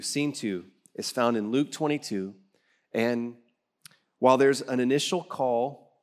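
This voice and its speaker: A middle-aged male pastor preaching a sermon, telling stories and acting out the voices of people in them. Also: mid-range voice. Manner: storytelling, acts out quoted voices.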